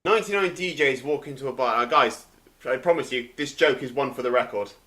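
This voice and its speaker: A man's voice: medium pitch, a little fast, crowd noise. A man in an online improv game, apologetic as he loses the thread of his bar joke. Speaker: improv player.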